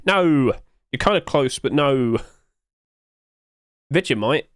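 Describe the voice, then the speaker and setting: A man's voice: mid-range voice, moderate pace, pauses often, fairly bright tone, no room sound. A British man talks casually to his stream chat in a chatty, joking way, with a voice of middle height. His voice is close and dry, with no room sound around it. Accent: British English.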